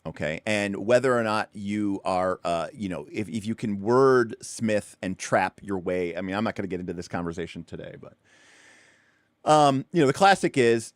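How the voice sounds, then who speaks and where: A man's voice: fairly low pitch, no room sound, clean studio sound. A man hosting a tabletop game livestream, explaining rules in a loose, rambling way with lots of fillers and restarts. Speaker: tabletop RPG show host.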